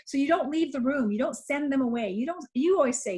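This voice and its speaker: A woman's voice: high-pitched, lively intonation, fast, darkish tone. A woman parenting coach talking earnestly on a video call, often repeating herself and acting out what she and her child said. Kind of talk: casual webinar chat.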